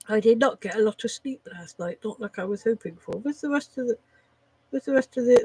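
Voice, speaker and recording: A woman's voice: medium pitch, expressive, a little fast, breathy edge, no echo, low-quality recording. A woman chatting casually on a live stream, rambling, swearing freely and laughing at her own jokes.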